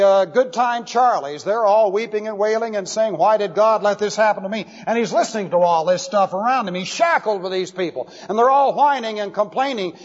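A male preacher teaches verse by verse, leaning hard on the words he wants to land. His voice sits a little high for a man. The recording is dull and muffled, with a long reverb trailing through a large hall. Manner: emphatic, drawn-out stress on key words. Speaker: pastor. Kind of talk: expository Bible sermon.

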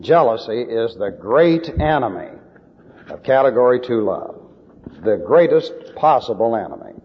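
A man's voice: medium pitch, very animated, normal speed, big-room sound, dull audio. A male preacher giving emphatic, lecture-style Bible teaching with numbered points.

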